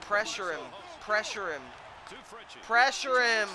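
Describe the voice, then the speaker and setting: A man commentating his own video game, pleading with and yelling at the players in a frantic way, his voice starting to go hoarse. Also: sits high, a little slow. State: voice going hoarse. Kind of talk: excited let's-play commentary.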